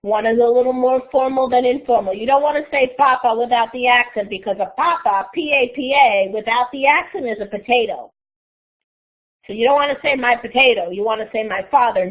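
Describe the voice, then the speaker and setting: A woman's voice: a little high, normal speed. A woman teaching a live online Spanish class, explaining patiently step by step. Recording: tinny phone-like audio.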